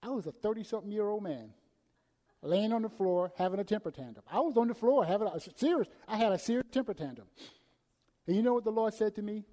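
A man delivering a sermon in a fairly high but mellow voice. He swings from loud, urgent emphasis down to near-hushed passages. A long reverb trails each phrase. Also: animated, quick pace. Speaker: preacher.

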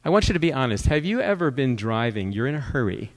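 A male guest speaker preaching a sermon with humor, joking and conversational, telling animated stories. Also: medium pitch, quick pace, few pauses.

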